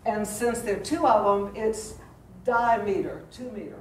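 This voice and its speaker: A woman with a medium-pitched, somewhat dark voice lectures an adult class in a church classroom at a moderate pace, her intonation lively. She keeps it chatty, with fillers and asides to her students. The roomy classroom recording carries slight background noise.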